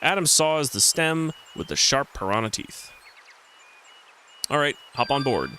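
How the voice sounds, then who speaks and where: A man's voice: medium pitch, lively intonation, measured pace, bright, forceful tone, slight background noise. A man streaming a retro game, chatting casually to himself and reading the in-game text aloud. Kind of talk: casual let's-play commentary.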